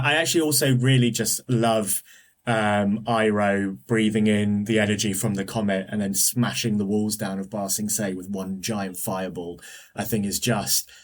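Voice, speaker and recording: A man talking as a guest on a podcast, enthusiastic and often restarting his sentences. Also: fairly low pitch. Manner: enthusiastic, many restarts and fillers. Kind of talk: casual podcast discussion.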